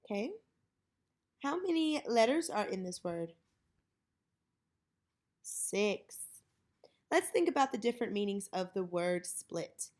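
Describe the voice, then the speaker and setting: A woman teacher leading a children's reading lesson, modeling each word slowly and clearly. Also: mid-range voice, very animated, a little mellow.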